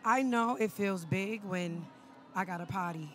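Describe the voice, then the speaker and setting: Woman guest, casual red carpet chat, mid pitch, laughs often, rambling. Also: unhurried, fairly bright tone. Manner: chatty, laughing, loose storytelling.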